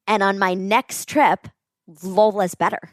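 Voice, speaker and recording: A woman telling a heartfelt story as a podcast guest, earnest and animated, with many casual fillers. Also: mid-range voice, a little slow, no room sound, clean studio sound. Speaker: podcast guest, nonprofit co-founder.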